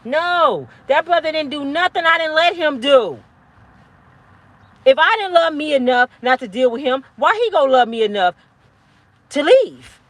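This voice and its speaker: Woman, fifties, high pitch; blunt profane straight-talking vlogger lecture. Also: dry recording. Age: 50s. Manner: blunt, preachy, profane, yelling at times. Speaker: motivational vlogger. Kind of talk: impassioned monologue to camera.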